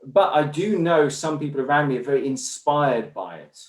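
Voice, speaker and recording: A man's voice: medium pitch, animated, normal speed. A man with an English accent, a guest in a conversational interview, talking in an earnest, discursive way. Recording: roomy echo.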